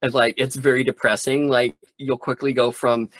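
A man's voice: mid-range voice, level tone, normal speed, dry recording. A man who does stand-up comedy talking in a rambling, candid way, swearing freely in a casual interview.

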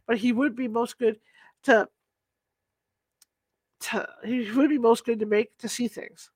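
A woman voicing an excited, insistent male scholar in an audiobook reading, speaking urgently and earnestly. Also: on the high side, a little slow, no room sound.

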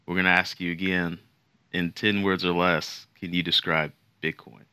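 A man's voice: sits low, level tone, normal speed, sharp tone, smooth, no echo. A man hosting a podcast in casual chat, joking and playful. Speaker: podcast host.

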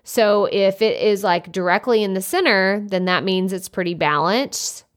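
A young adult woman hosting a solo podcast, chatty and naturally loud, speaking into a desktop USB microphone with many casual fillers. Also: mid-range voice, moderate pace. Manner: chatty, lots of "like" fillers, self-described loud. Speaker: podcast host.

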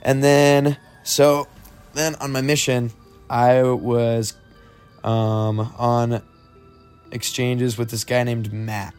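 Faint music plays behind a young man as he slowly recounts a spooky story to friends for a podcast, his medium-pitched voice level, smooth and darkish. He rambles casually, peppering it with "like" and "um."

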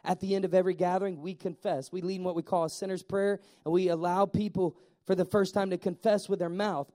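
A man preaching a sermon as pastor, telling Bible stories in an animated way with acted-out voices. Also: sits high.

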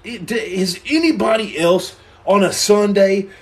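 A man from the United States chats through a live stream with a voice pitched well above most men's. He jokes with viewers and reads out their questions, acting out little scenes and repeating lines for effect. He stammers and restarts often as he talks. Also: unhurried. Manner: animated and playful, acts out scenes and repeats himself. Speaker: livestream host answering viewer questions. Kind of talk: joking live-stream chat.

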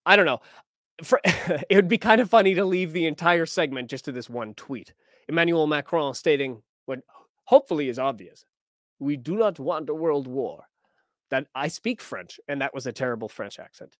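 A man's voice: on the high side, lively intonation, brisk, a bit bright, no echo, studio quality. A man hosting a news podcast, talking casually and wryly as he reads and reacts to headlines and posts. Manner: conversational, wry, reads quotes aloud.

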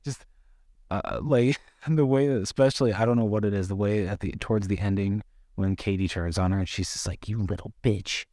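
Man, laid-back podcast co-host, rambling movie chat, low pitch, dead dry sound. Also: fairly quick, no echo. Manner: relaxed, rambling, mild swearing. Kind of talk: casual movie review chat.

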